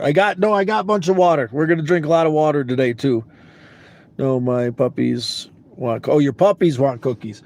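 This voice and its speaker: A man's voice: medium pitch, darkish tone, slight background noise. A groggy man vlogging casually to camera from his vehicle, laid-back and rambling, repeating words and swearing now and then. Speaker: traveling vlogger.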